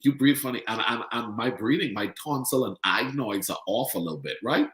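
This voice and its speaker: A middle-aged man from the Bahamas with a Bahamian accent, hosting a casual podcast chat as an animated storyteller who repeats words for emphasis. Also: lowish voice, a little fast, echoey room, low-quality recording. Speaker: podcast host.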